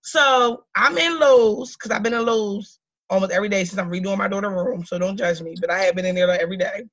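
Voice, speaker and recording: A woman in her thirties co-hosting a podcast, telling a story in blunt, lively chat with lots of swearing. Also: mid-range voice, brisk, lo-fi sound. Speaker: podcast co-host. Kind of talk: casual chat.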